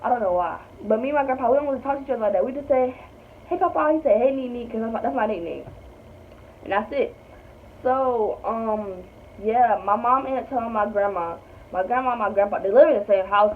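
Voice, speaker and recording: A woman's voice: a little high, brisk. A young woman, telling a story in a chatty, blunt way with lots of swearing. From North Carolina. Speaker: vlogger. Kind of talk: casual storytime. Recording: tinny phone-like audio with faint hiss.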